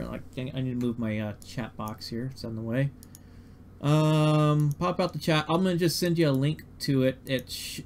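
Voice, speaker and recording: A man's voice: a little high, a little hiss or hum. A man hosting a livestream, casually talking through technical steps with frequent fillers. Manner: easygoing, talks through tech steps with fillers. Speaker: livestream host.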